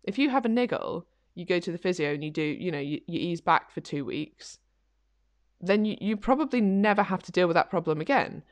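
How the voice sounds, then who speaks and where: Chatty woman, low and dry. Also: animated, a little fast, no room sound. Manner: chatty, repeats "like" often. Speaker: podcast co-host, fitness coach. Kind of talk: casual chat.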